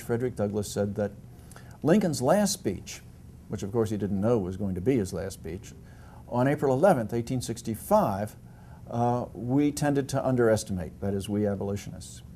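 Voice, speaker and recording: A man's voice: mid-range voice, lively intonation, moderate pace, mellow, slight background noise. An older man, a historian guest, answering interview questions at length with frequent fillers, restarts and dry humor.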